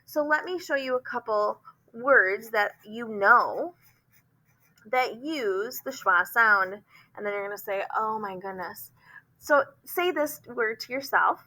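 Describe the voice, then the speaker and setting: A woman teacher explaining phonics, often pausing with "um" and sounding words out slowly. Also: on the high side, sharp tone, poor audio. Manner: explanatory, frequent "um" fillers, slow demonstrations of words.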